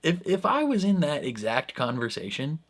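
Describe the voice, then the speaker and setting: A young man hosting a reaction video, thinking out loud in casual commentary, full of "like" and "I don't know", often breaking into a laugh. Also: on the high side, sing-song, moderate pace.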